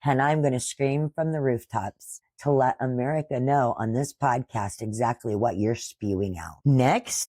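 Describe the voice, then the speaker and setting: A woman in her sixties hosts a podcast, delivering a combative political monologue in a husky, slightly breathy voice. She talks at a middling pitch and scolds her targets head-on. The sound is close and dry, with no room around it. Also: measured pace, hardly any pauses, dark tone, dry recording. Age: 60s. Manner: combative, scolding, addresses opponents directly. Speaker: podcast host.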